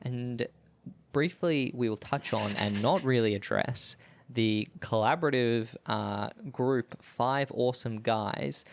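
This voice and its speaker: A man co-hosting a podcast, mixing casual chat with a recap, making wry remarks in quick bursts. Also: medium pitch, gravelly. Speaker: podcast co-host.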